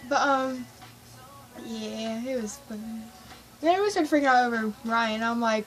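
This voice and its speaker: A woman vlogging about a concert, telling it in an excitable, gushing way and acting out her own reactions. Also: on the high side, faint music behind, poor audio. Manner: gushing, excitable, fast-shifting, reenacts her own squeals. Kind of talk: excited casual storytelling.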